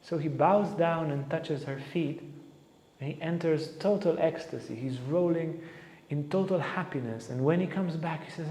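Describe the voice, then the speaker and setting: With a voice on the high side and a moderate pace, a man gives a storytelling talk as a spiritual teacher, performing each character's lines with animation. Hall reverb echoes around him, and there's a little hiss or hum.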